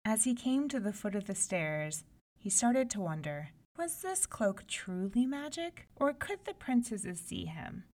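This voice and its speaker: Expressive woman reading a fairy tale. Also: medium pitch, unhurried. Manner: expressive, animated voices. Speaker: storyteller. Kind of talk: fairy tale read aloud.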